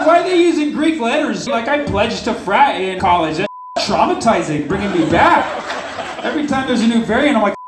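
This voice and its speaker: A man's voice: very high voice, big pitch swings, normal speed. A male stand-up comedian doing a brash, profane set with crowd work at a comedy club. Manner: brash, profane, riffing with the audience. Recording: roomy live club with crowd noise. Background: audience laughter.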